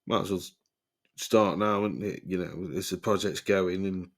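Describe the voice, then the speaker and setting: Man in his thirties, lowish voice, rambling casual stories, swears, laughs as he talks. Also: fairly even intonation, unhurried. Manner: rambling, swears a lot, laughs mid-sentence. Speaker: podcast host. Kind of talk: casual storytelling.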